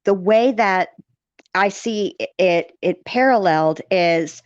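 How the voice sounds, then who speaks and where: A woman's voice: mid-range voice, slow pace, no room sound, highs cut off. A woman in casual conversation about a criminal case, rambling with fillers and restarts. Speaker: co-host discussing a criminal case. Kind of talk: casual chat.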